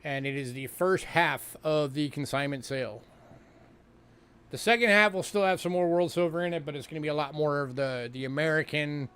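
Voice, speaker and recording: A man's voice: a little high, steady tone, a little fast, fairly bright tone, clear, resonant tone. A man from New York hosting a coin sale livestream, talking casually with fillers and repeated words. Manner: chatty, fillers, repeats himself. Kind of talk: casual livestream sales talk.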